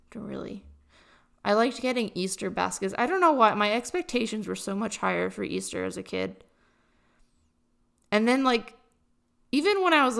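This college vlogger, a young woman, has a creaky, slightly bright mid-range voice. She rambles through a casual chat to camera, packing in fillers and poking fun at herself.

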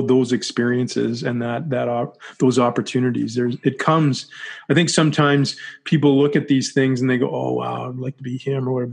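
A man hosting an interview, asking thoughtful, probing questions in a conversational way. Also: mid-range voice. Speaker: interview host.

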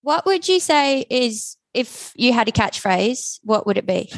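A woman's voice: fairly high pitch, sing-song, a little slow, dry recording. A woman co-hosting a podcast, asking questions in a playful, teasing way. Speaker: podcast co-host. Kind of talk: casual interview chat.

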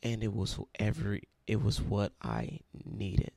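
A young man with a low, gravelly voice tells a personal testimony in an earnest, storytelling way. He leans on repeated phrases for emphasis. The recording is dry and close, with no room sound. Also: sing-song, slow, a little mellow, dry recording. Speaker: speaker sharing his testimony.

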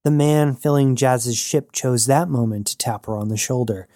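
A man narrating a science fiction story in an even storytelling read. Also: medium pitch, moderate pace, no echo, clean studio sound. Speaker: audiobook narrator. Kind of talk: scripted narration.

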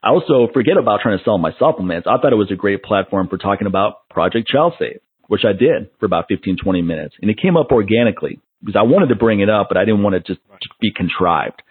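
A man talks casually on a podcast, breaking into animated impressions as he tells stories. His voice is husky and the sound is dry and narrow, like a phone line. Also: fairly low pitch, fast, few pauses, no echo. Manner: animated storyteller who mimics others. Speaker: podcast host. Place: Las Vegas.

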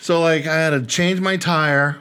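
A man co-hosting a podcast, telling a story in an animated way, swearing and acting out what people said. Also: a little high, normal speed, clean tone. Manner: animated, swearing, acts out voices. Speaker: podcast co-host. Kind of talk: casual storytelling.

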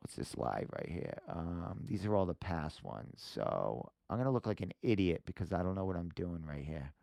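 A man's voice: low voice, expressive, normal speed, creaky, mellow, no echo, studio quality. A man hosting a podcast, casually walking viewers through a website while thinking aloud, full of fillers and frequent swearing. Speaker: podcast host. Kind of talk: casual livestream screen walkthrough.

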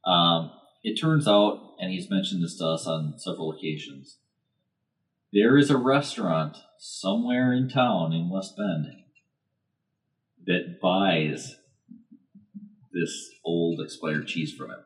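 A man's voice: deep voice, takes it slowly, pauses often. A man telling a rambling story on a podcast, hesitant and full of fillers. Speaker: podcast co-host. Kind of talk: casual chat.

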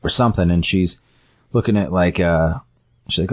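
A man's voice: low-pitched, moderate pace, long pauses. A man casually retelling a story scene by scene, rambling with fillers and self-corrections.

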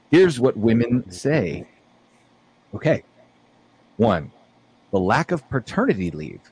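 A man's voice: mid-range voice, big pitch swings, slow, pauses often, a little mellow, husky. A man co-hosting a casual podcast, reading an article aloud and giving blunt opinions on it. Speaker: podcast co-host.

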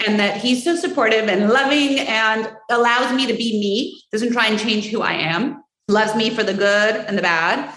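A woman's voice: mid-range voice, reverberant, rough recording. A woman in her forties answering interview questions in a heartfelt, casual way. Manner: warm, heartfelt, quickly emotional. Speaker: guest.

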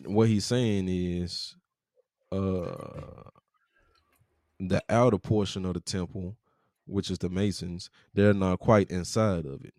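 A man's voice: sits low, fairly even intonation, takes it slowly, darkish tone, dry recording, clean studio sound. A man hosting a podcast, reading passages from a book aloud and adding casual, profane comments between them, speaking. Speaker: podcast host.

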